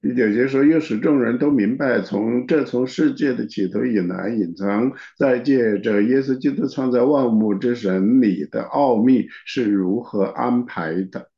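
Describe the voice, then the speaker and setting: A man's voice: medium pitch, normal speed, vocal fry, few pauses. A man interpreting a sermon, talking steadily with frequent filler particles. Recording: dull, echoey room recording.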